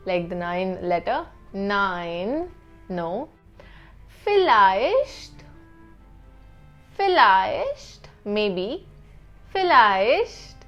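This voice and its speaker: Slow, high-voiced woman teaching phrases. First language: not German. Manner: slow, repeats each phrase several times. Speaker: language teacher. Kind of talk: beginner language lesson.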